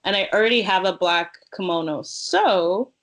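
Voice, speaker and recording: A woman's voice: medium pitch, normal speed, a bit bright, rough recording. A woman, a cosplayer guest, chatting casually in an interview, joking and laughing often.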